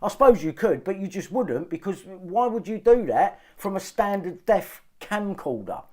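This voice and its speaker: Man, angry vlog rant, frequent swearing, high-ish voice, very animated pitch. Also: moderate pace. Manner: agitated, swearing, repeats himself. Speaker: vlogger. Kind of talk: ranting monologue to camera.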